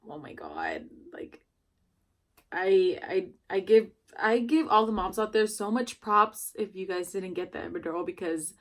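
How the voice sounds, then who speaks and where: A woman's voice: medium pitch, steady tone, measured pace. Chatty young woman telling a story. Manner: chatty, rambling, many "like" fillers. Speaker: new mother telling her birth story. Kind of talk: casual storytelling to camera.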